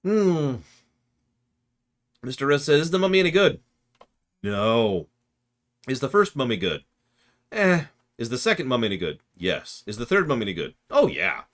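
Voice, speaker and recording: Tired, opinionated man streaming a game. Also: lowish voice. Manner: rambling, opinionated, reads chat aloud. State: tired, sore throat. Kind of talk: live gameplay stream commentary.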